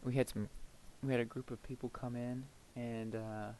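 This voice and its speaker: A man's voice: medium pitch, level tone, normal speed, slight background noise, poor audio. Young male let's-play host, mid-range voice, meandering casual chat, mutters to himself while building. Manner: rambling, thinks aloud while building, trails off into soft murmurs. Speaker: gameplay commentator.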